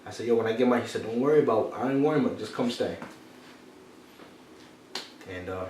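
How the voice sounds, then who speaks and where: A man's voice: medium pitch, fast, darkish tone, far from the mic. A man, telling a personal story as a motivational podcast host. He repeats his key phrases like a preacher. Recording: echoey room, off-mic, faint noise.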